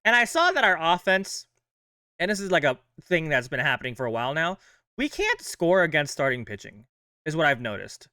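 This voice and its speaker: A man's voice: on the high side, very animated, fairly quick, sharp tone, clear, resonant tone, dry recording, clean studio sound. A man hosting his own fan channel, chatting in a casual, upbeat way with plenty of loose fillers. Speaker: host of a fan sports channel. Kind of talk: casual chat.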